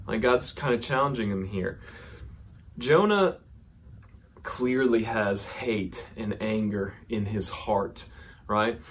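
Man preaching a casual, animated sermon. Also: fairly low pitch, takes it slowly, slight background noise. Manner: conversational and animated, with casual asides and repeated restarts. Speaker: pastor. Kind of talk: sermon with scripture reading and prayer. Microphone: speaking to a camera for viewers at home.

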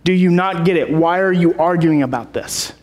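A man's voice: a little high, moderate pace, darkish tone, close to an everyday voice. A man voicing Jesus as an exasperated teacher pressing his followers with repeated questions, in a big echoing hall. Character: exasperated adult male teacher, Jesus, pleading.

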